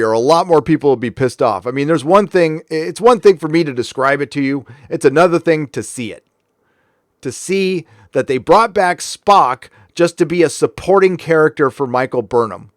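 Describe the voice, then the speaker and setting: A man's fairly high-pitched voice comes through close and dry as he hosts a live stream. He rants bluntly and angrily, swears freely, and stumbles over restarts as he talks. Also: dry recording. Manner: blunt, ranting, profane, frequent restarts. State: angry. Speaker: livestream host. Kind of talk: casual live-stream commentary.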